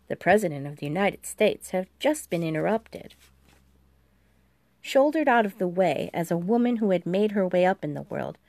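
A woman narrating an audiobook in a steady, even storytelling manner. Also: lowish voice, vocal fry, no echo. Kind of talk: scripted narration.

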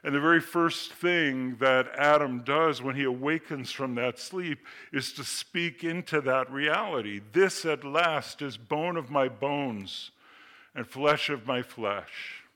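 A man preaching a sermon, explaining scripture with slow readings, asides and rhetorical questions. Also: mid-range voice, bright, forceful tone. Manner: expository teaching, reads scripture slowly, asides and rhetorical questions. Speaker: pastor.

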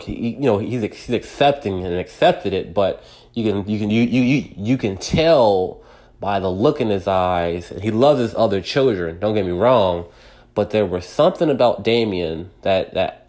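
A man's voice: lowish voice, darkish tone. A man telling a personal story in a rambling, conversational way, full of fillers and restarts, acting out what people said. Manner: rambling, many fillers and restarts, acts out quoted voices. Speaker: podcast host.

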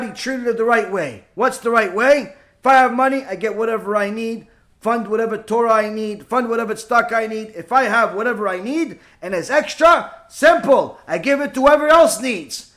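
A man teaching a Torah class walks through a Talmud passage, posing rhetorical questions, repeating key phrases, and mixing Hebrew terms into his English. His voice sits high and is a bit bright.

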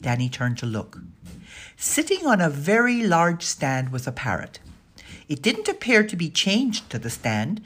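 A woman narrating a children's story aloud, expressive and giving the characters' lines their own voices. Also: lowish voice, measured pace, slightly rough. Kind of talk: storybook reading.

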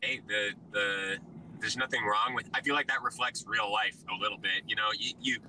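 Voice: mid-range voice, steady tone, moderate pace, pushed and bright, distant mic, slight background noise, rough recording. A host in a casual chat who rambles, often stopping and restarting sentences.

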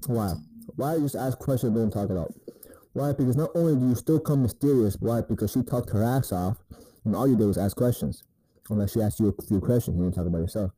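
A man's voice: medium pitch, fast talker, warm tone, slightly rough, no echo, poor audio. A man giving laid-back, profane dating advice in a rambling casual monologue, often asking "you know what I mean".

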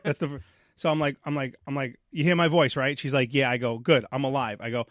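Speaking at medium pitch and a fairly quick clip, this New Yorker in his 40s hosts a podcast and animatedly recounts a story, acting out the voices and repeating himself. The casual storytelling chat has clean studio sound with no echo.

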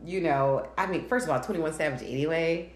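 A woman's voice: sits low, fairly quick. A woman co-hosting a podcast and telling stories in casual chat, swearing freely and acting out quotes. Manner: animated storytelling, swears freely, acts out quotes. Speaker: podcast co-host. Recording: echoey room with faint ambient noise.

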